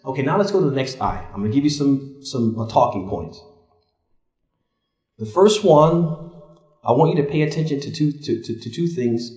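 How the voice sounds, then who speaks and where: A man's voice: expressive, moderate pace, darkish tone. A man leading a religious study workshop, asking the group questions and answering them himself, his voice climbing to press a point. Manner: asks the class questions and fills in the answers himself; rises in pitch to stress points. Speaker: Islamic teacher leading a workshop. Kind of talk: interactive classroom teaching. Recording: echoey room.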